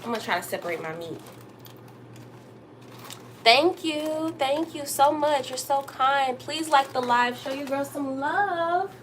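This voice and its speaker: Young woman, bit high voice, chatty livestream host cooking in her kitchen, faint room noise. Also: animated, normal speed, hardly any pauses. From Texas. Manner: chatty, talks straight to viewers, bursts up high to greet them. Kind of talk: casual livestream chat while cooking. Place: home kitchen.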